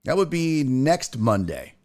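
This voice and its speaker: A middle-aged man hosts a sports podcast in a loose, joking chat. His pitch bounces around a lot as he tells stories and acts out what people said. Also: sing-song, measured pace, darkish tone. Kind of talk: casual chat.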